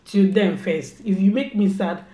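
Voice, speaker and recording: A young mother talks at home in a mellow, darker voice, scolding and repeating herself in a mock-stern tone. The room is echoey and roomy. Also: mid-range voice, unhurried, slight background noise. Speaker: mother and vlogger. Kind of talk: casual family prank talk.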